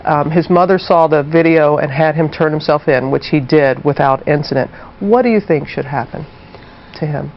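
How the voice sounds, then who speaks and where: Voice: mid-range voice, normal speed. A morning show host asking sympathetic, prompting questions in a broadcast interview. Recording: dull broadcast audio with faint noise.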